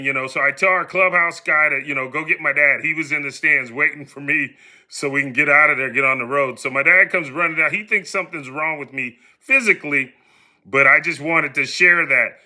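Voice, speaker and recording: A middle-aged man from the United States casually telling a personal story on his podcast, animated and acting out the voices of the people in it. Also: a little high, fairly quick. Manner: animated, acts out quoted voices.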